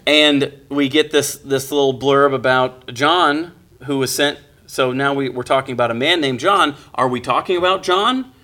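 A man's voice: mid-range voice, a bit bright. A man reading scripture aloud and then explaining it to a class in a casual, joking teacher's manner. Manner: conversational, joking asides to class, restarts. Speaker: Bible study teacher. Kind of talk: Bible lesson with reading and explanation.

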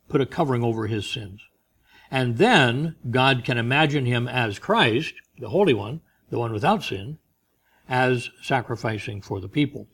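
Slow-speaking male preacher. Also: medium pitch. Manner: slow, emphatic preaching with soft asides. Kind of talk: sermon.

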